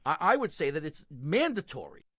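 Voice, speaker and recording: A man's voice: on the high side, fairly quick, slightly rough, no room sound, clean studio sound. An older man with a Boston accent, co-hosting a radio call-in show with joking, teasing banter. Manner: lively, laughing, teasing.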